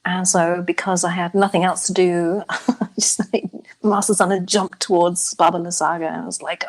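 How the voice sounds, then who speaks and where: A woman's voice: lowish voice, fairly even intonation, moderate pace. A woman recounting her turn in a tabletop game, casual, hesitant and laughing. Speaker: player.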